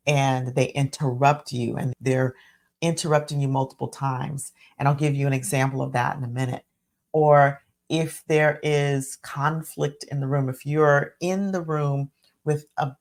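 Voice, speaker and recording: A woman's voice: low-pitched, creaky, darkish tone. A woman hosting a solo podcast, speaking in a reflective teaching tone and repeating phrases for emphasis. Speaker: podcast host and physician.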